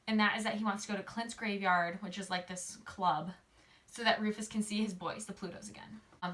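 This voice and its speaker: A woman's voice: medium pitch, a bit bright. A woman casually recapping a novel in a chatty way, full of "like" and "um", briefly acting out the characters' lines. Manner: chatty, filler-heavy, uses "like" a lot; acts out characters' lines in quick quoted voices. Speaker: book summary host.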